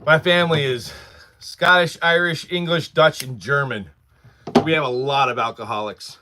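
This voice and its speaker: A man's voice: on the high side, steady tone, moderate pace, bright, forceful tone, slight background noise. A man in his forties hosting a casual livestream from his workshop, rambling through stories and laughing often while answering chat. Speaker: livestream host.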